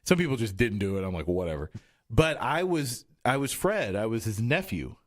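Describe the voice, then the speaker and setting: Hosting a casual studio chat show, a man speaks in a medium-pitched, sing-song voice at a moderate pace. The podcast host rambles, trails off, and restarts often, recorded in a radio studio.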